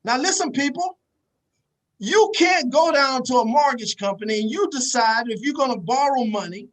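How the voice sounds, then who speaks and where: A man's voice: very high-pitched, fairly bright tone, rough recording. Emphatic man giving a preachy motivational talk. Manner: emphatic, repetitive, addresses the audience directly. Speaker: motivational speaker.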